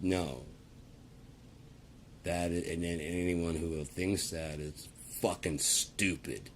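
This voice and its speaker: With a low, slightly mellow voice, a male vlogger delivers a casual rant to the camera that wanders and swears freely. There's slight background noise.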